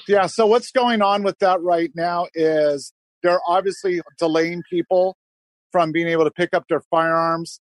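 A man's voice: high voice, fairly even intonation, unhurried, long pauses, no echo. A man calling in to a talk show as a director, explaining things with sarcasm. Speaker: gun group director calling in. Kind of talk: interview over a call.

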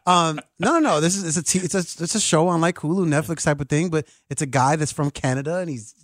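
A man's voice: fairly high pitch, fast talker, no room sound, studio quality. A man co-hosting a sports radio show, joking in a playful way and often stammering as he starts his thoughts. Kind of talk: casual sports talk.

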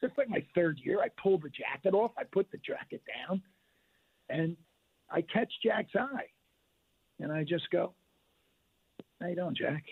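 A middle-aged man from Pennsylvania tells a story with a very raspy, gravelly voice that jumps up and down. He is animated and keeps restarting. He sits fairly high for a man and comes through a tinny phone line. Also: normal speed, pauses often. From Delaware County, Pennsylvania. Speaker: longtime basketball referee, guest.

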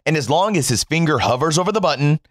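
A man delivers a biting political rant, swearing freely and mocking as he goes. His pitch swings widely from low grumbles to high jabs. The recording is dry and close, with no room sound. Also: expressive, fast, no echo. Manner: mocking, sarcastic, emphatic swings in tone. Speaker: commentator.

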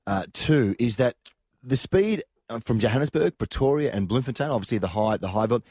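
Australian male pundit, rapid chatty delivery, dry studio sound. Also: medium pitch, lively intonation, a little mellow, breathy edge, no room sound. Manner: brisk storyteller, chuckling. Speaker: rugby pundit. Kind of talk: casual radio chat.

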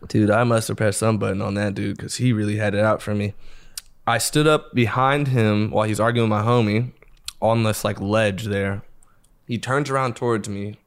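A young man, a podcast guest, telling a story in a casual, animated way, swearing freely and laughing as he goes. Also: lowish voice, moderate pace. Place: podcast studio.

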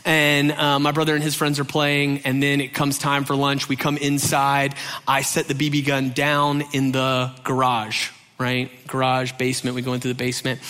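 Bright-voiced guy doing a funny story, jumps high when he acts out quotes, big echoey hall. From Georgia, USA. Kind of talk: comic storytelling. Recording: long hall reverb.

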